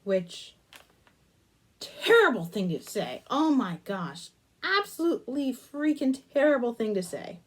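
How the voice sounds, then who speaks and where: Husky and on the high side, her voice makes big pitch swings while moving a little slowly. She's a young woman hosting a crafting channel, casually telling a meandering childhood story between remarks on the clay she's working.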